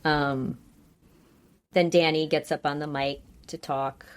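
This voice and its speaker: A woman co-hosting a podcast, casually recapping a TV episode and acting out the characters' lines in quick, lively voices. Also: low-pitched, smooth. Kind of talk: casual chat.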